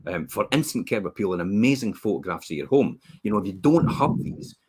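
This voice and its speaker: A Scottish man co-hosting a casual property advice chat, chatty and quick to laugh. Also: lowish voice, breathy edge. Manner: animated, chatty, laughs easily. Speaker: estate agent co-host.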